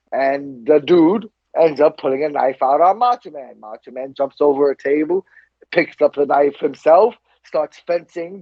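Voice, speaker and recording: High, gravelly man telling stories. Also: no room sound, lo-fi sound. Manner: animated storyteller who laughs often. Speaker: podcast co-host. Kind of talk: casual chat.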